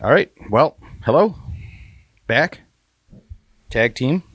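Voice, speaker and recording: A man's voice: mid-range voice, animated, slow pace, fairly bright tone, slightly rough, dry recording. A man hosting a podcast in casual, joking talk that often trails off and restarts.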